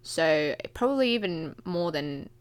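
A woman co-hosts a casual chat, laughing often and rambling with plenty of fillers. She speaks slowly, and her pitch swings widely. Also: expressive, clean tone. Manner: giggly, rambling, with many fillers. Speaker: podcast co-host reading fan fiction.

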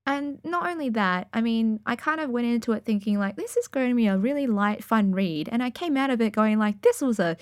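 A woman's voice: a little high, expressive, brisk, hardly any pauses, no echo, studio quality. A woman recording a casual, enthusiastic afterword to her audiobook reading of a story, chatty and full of fillers. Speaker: podfic reader. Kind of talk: casual reader's afterword chat.

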